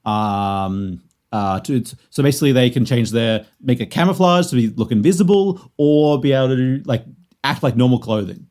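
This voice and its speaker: A man's voice: medium pitch, lively intonation, normal speed, darkish tone. A man hosting a casual podcast, explaining lore in a rambling way with many fillers and restarts. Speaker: podcast host presenting the lore. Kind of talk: casual chat.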